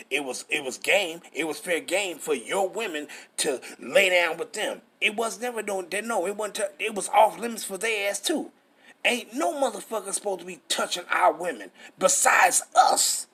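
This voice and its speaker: Husky-voiced man preaching with profane fervor. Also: high-pitched, a bit bright. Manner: profane, rhetorical questions, emphatic. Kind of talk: street-style scripture teaching.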